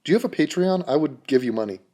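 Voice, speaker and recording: A man's voice: on the high side, expressive, quick pace, darkish tone. A man delivering a mocking, sarcastic vlog rant straight to camera. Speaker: YouTuber.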